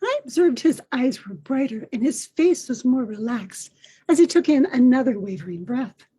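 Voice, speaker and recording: An older woman hosting a podcast, telling a personal story in a gentle, reflective way. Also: high-pitched, lively intonation, moderate pace, breathy edge. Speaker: podcast host.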